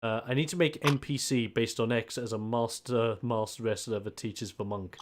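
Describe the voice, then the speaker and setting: A man chats casually on a livestream at a middling pitch. He keeps up a stream of joking, self-deprecating banter. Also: steady tone, moderate pace, background noise. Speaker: co-host.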